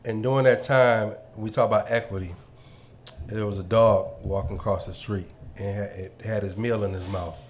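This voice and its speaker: A man, speaking on a discussion panel in a measured, reflective way and restarting his sentences as he thinks them through. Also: lowish voice, steady tone, slight background noise.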